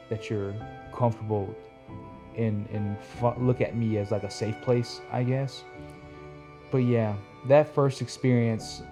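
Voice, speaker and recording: A young man talking earnestly with his wife, halting and full of fillers, in a casual heartfelt couple's chat. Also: fairly low pitch. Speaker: husband co-host of couple's channel.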